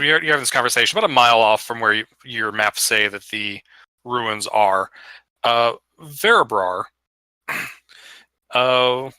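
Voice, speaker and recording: A man's voice: medium pitch, sharp tone, no echo, poor audio. A man narrating as dungeon master over voice chat, casual and hesitant, with many fillers. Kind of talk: narrating a tabletop game. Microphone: headset or desk mic on voice chat.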